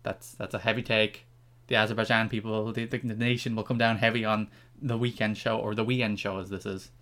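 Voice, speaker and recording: A man's voice: fairly low pitch, level tone, brisk, fairly bright tone. An Irish man co-hosting a podcast in casual banter, teasing his partner and laughing often. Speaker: podcast co-host.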